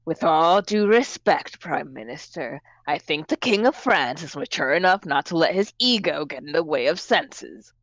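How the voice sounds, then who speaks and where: A woman's voice: low-pitched, lively intonation, normal speed, few pauses, fairly bright tone, dry recording. A woman voicing a polite, earnest male lawyer in a visual novel. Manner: courteous, formal.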